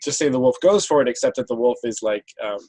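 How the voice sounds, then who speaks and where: A man running a tabletop game as game master, thinking aloud and pausing on many ums as he talks. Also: mid-range voice, animated, a little mellow, breathy edge, rough recording.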